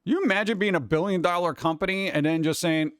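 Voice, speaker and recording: A male streamer chats casually with his live audience in a voice pitched a little above the usual for a man. He rambles and jokes, hopping from one topic to the next. The sound is dry and close, with no room ring at all. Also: quick pace, clear, resonant tone, no room sound. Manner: rambling, jokey, jumps between topics. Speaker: cartoon creator and streamer host.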